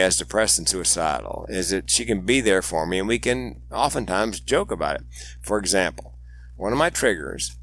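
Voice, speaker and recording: A man in his sixties, a suicide prevention speaker, telling stories animatedly in an interview and putting on voices for the people in them. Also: on the low side. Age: 60s. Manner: animated joking storyteller, acts out voices in anecdotes. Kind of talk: storytelling interview chat.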